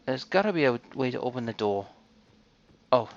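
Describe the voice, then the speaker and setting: A man's voice: medium pitch, very animated, moderate pace. Man muttering through gameplay commentary. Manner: muttering to himself while exploring. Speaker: let's play host. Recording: dull lo-fi recording.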